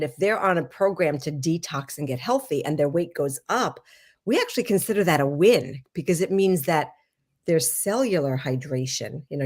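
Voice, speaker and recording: A woman co-hosting a casual wellness chat over a video call, lively, chatty and encouraging, with playful asides. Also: deep voice, husky. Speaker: wellness program co-host.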